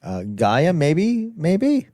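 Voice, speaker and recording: A man's voice: on the high side, huge pitch swings, extremely slow, mellow, dry recording, studio quality. A man co-hosting a podcast, chatting casually and explaining things at length with many hesitant fillers. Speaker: podcast co-host. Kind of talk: casual chat.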